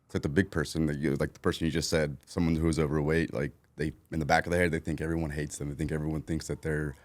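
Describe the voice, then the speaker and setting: A man's voice: a bass voice, level tone, quick pace. A man co-hosting a podcast, talking casually and rambling, with lots of 'like' fillers. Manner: rambling, heavy use of 'like'. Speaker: podcast co-host.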